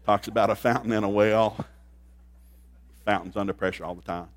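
A man preaching a sermon in a folksy, joking way, dropping into low asides and then rising into loud outbursts. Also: steady tone, moderate pace. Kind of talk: comedic sermon. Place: church service.

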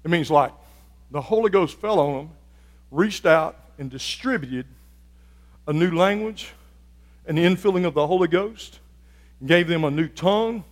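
A man preaching a sermon as a pastor, building from quiet, reflective talk to loud, fervent shouting. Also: a little high, measured pace, pauses often, big-room sound. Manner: preaching with rising fervor, shouting at peaks.

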